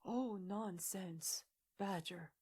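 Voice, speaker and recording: A woman voicing a spoiled, boastful young male toad who talks airily and excitably. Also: mid-range voice, normal speed, breathy edge, pitched above the performer's own voice, lightly acted. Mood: excitable. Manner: airy, excitable, self-pitying.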